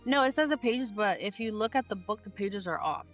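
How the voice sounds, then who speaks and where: A woman co-hosting a book club podcast, chatting casually and retelling scenes with lively quoted lines. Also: medium pitch, brisk, faint music behind. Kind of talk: casual chat.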